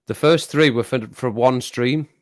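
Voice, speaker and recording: Here a middle-aged man reads viewer comments on a relaxed live stream, his medium-pitched voice moving at a measured pace. Frequent laughter, playful teasing, and repeated phrases mark his delivery.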